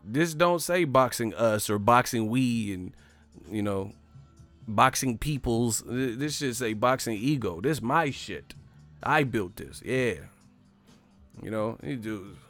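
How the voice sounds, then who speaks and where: A man's voice: mid-range voice, lively intonation, takes it slowly, a bit bright, faint music behind. Brash, profane man ranting on a livestream. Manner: profane, brash, laughs often. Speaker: livestream host. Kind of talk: casual livestream rant.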